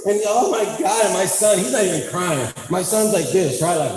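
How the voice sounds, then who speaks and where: A man with a high voice gives an animated storytelling talk to school staff in a school auditorium, performing the voices of the people he describes. He's a guest speaker talking at a normal speed, on a rough recording with slight background noise.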